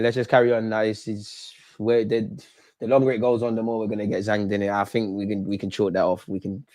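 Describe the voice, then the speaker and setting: A young man hosting a live football watch-along, talking at the players on screen and yelling at big moments. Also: mid-range voice. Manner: excitable, talks to the players on screen; shouts and yells at goals and chances.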